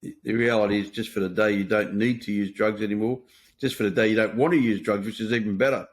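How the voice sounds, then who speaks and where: A man with a fairly low voice, hosting a podcast conversation. He talks bluntly and plainly, dropping swear words without fuss. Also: fairly even intonation, quick pace. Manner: blunt, matter-of-fact, swears freely. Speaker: podcast host. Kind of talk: casual conversation.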